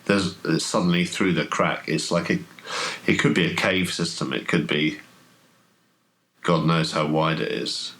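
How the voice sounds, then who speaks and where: A man running a horror tabletop game as game master, describing scenes in a halting way with many fillers. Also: sits low, fairly bright tone, poor audio.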